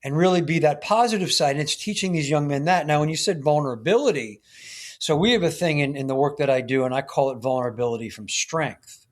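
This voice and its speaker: A man's voice: on the high side, fast. A man, a guest on a podcast interview, speaking earnestly and emphatically as a men's coach, often checking in with "right?".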